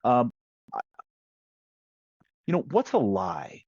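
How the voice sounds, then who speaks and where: Male podcast guest, lively storyteller, medium pitch, lo-fi dry recording. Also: takes it slowly, husky, no echo. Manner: lively storyteller who acts out quoted voices. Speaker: sales negotiation guest. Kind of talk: conversational podcast interview. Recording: dull, slightly lo-fi dry sound.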